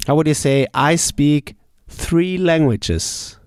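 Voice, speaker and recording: A man teaching German verbs, asking each question, pausing, then saying the answer slowly and clearly. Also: on the high side, darkish tone, no room sound, studio quality. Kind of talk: slow drill lesson.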